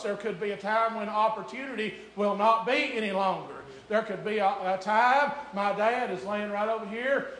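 A man preaching a sermon in a church, shouting in a chanting preaching cadence. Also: high voice. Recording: echoey church room.

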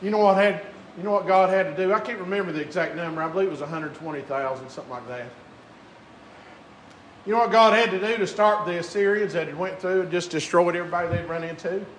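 A man preaching a sermon, moving between quiet conversational asides and drawn-out shouted climaxes. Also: sits high. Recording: echoey room with faint crowd and noise.

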